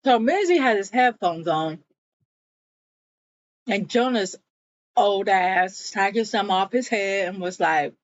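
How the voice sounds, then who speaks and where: A woman's voice: mid-range voice, lively intonation, takes it slowly, pauses often, no echo, dull audio. A woman casually recapping a TV episode in a chatty, blunt way, swearing freely. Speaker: show recap vlogger.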